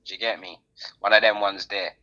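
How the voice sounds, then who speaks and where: A woman's voice: extremely low pitch, fairly even intonation, brisk, pushed and bright, highs cut off. A woman co-hosting a podcast, chatting casually in slang and repeating words. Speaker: podcast co-host. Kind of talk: casual chat.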